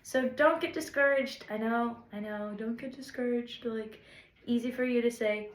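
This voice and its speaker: A fairly high-voiced woman chats to the camera about making things, rambling and encouraging with some self-deprecating asides. Her voice rings around a roomy, echoey space. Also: steady tone, moderate pace. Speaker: songwriter vlogger. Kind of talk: casual reflective talk to camera.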